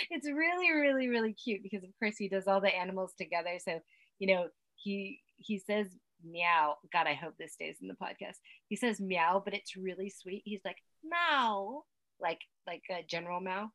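A woman's voice: lowish voice, normal speed. A young adult woman co-hosting a podcast, chatting casually and laughing easily. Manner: giggly, lively storytelling. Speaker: podcast co-host. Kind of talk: casual movie-review chat.

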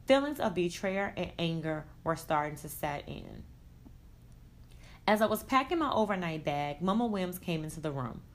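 A woman reading a first-person story aloud in a blunt, expressive way, with casual swearing. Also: lowish voice, moderate pace. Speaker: reader.

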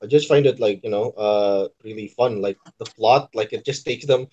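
A man with an Indonesian accent co-hosting a casual podcast, relaxed and teasing. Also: on the low side, moderate pace. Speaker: podcast co-host. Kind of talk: casual chat. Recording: dull lo-fi sound.

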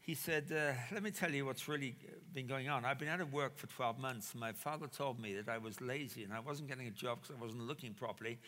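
A man telling a personal story in a sermon, animated and acting out the quoted dialogue. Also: medium pitch, brisk, few pauses. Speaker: preacher. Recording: reverberant hall.

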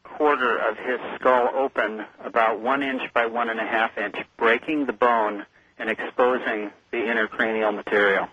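A man's voice: mid-range voice, fairly even intonation, moderate pace, bright, forceful tone, slightly rough. A man calling in as a guest on a radio interview, telling his story in an earnest, vivid way. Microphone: telephone. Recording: muffled phone line.

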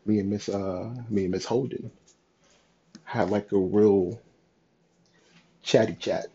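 A young man talking in a raw, halting, emotional confessional monologue, cursing often. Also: on the low side, steady tone, mellow, husky. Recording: dull lo-fi sound.

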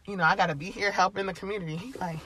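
Animated bright-voiced woman. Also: mid-range voice, rapid-fire, husky. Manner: animated, acts out quotes in shifting voices. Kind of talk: casual storytelling chat.

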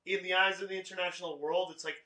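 A man's voice: high-pitched, flat delivery, quick pace, bright, forceful tone, roomy sound. A man chatting casually as a podcast co-host in a small studio, rambling with lots of "like". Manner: rambling, many "like" fillers. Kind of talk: casual chat.

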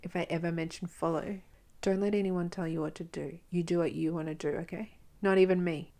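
An Australian woman hosts a solo podcast in a loose, chatty way, frank and unfiltered. Her voice sits fairly low, with a gravelly fry running through it. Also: steady tone, a little fast, mellow. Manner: chatty, frank, swears freely. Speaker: podcast host. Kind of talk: casual solo podcast talk.

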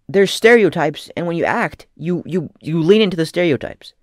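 A man giving casual comedic commentary as a vlogger, rambling and profane with deadpan asides. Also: fairly high pitch, a little fast, no room sound, studio quality.

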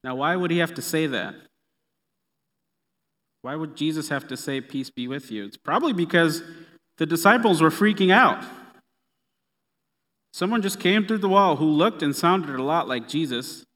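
A man preaching a sermon in a relaxed, conversational way with playful asides. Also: on the high side, normal speed. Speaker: pastor. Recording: long reverb of a hall.

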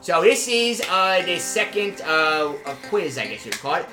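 A man hosting an improvised comedy podcast, rambling and halting with many fillers before turning suddenly emphatic. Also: sits high, sing-song, reverberant, over music. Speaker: podcast host.

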